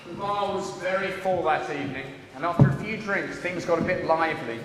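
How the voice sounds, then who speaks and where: An English man narrating a community stage musical in a measured storytelling way. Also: sits high. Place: large echoey hall stage. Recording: echoey hall from far off, noisy.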